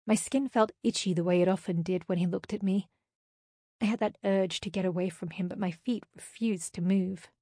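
An audiobook narrator, a woman, reads a first-person novel in a steady, intimate manner. Her pitch is medium and her pace moderate, captured as a dry, clean studio recording.

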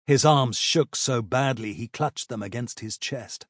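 A man narrating a fantasy battle audiobook in a measured, even storytelling manner. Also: mid-range voice, dry recording, studio quality.

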